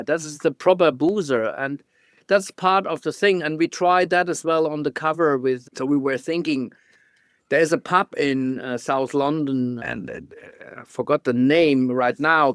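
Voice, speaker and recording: A man with a German accent, a guest photographer telling stories in a casual interview, halting and restarting often with small laughs. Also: a little high, a bit bright, dry recording, studio quality.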